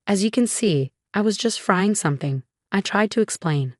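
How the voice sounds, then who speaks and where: A woman narrating a first-person family drama story in an even, measured, scripted reading. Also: mid-range voice, no room sound, clean studio sound.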